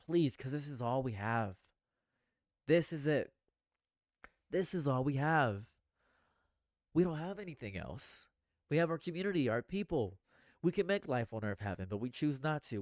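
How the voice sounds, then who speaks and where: A man streaming a rambling, earnest monologue, going from hushed to excited and repeating his phrases. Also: lowish voice, no echo, studio quality. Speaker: commentary streamer.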